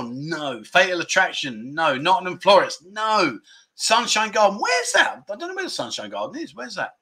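A livestream host with a fairly high, bright voice and a forceful tone reads viewer guesses aloud and teases the chat. He is jokey and bantering, saying "mate" and "no" a lot.

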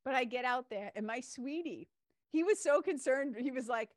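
A woman hosting a podcast, telling stories in a lively casual way and swearing now and then. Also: high-pitched, normal speed, no room sound, clean studio sound. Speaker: podcast host. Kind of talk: casual interview chat.

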